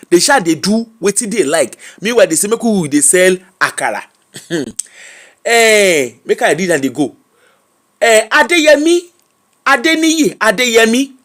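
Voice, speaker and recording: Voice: mid-range voice, a bit bright. A Nigerian-accented host talks straight to a live online audience. The delivery is casual and teasing, and key phrases get said again and again for emphasis. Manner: emphatic, repeats phrases, chatty and mocking. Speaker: host of an online gossip and news show. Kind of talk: live-streamed commentary reading viewers' comments.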